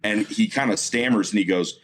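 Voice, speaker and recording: A man's voice: fairly low pitch, brisk, a little hiss or hum. A man guest, a motorsport announcer, telling a story in a casual interview, full of fillers and restarts. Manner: animated storyteller, many fillers and self-repeats.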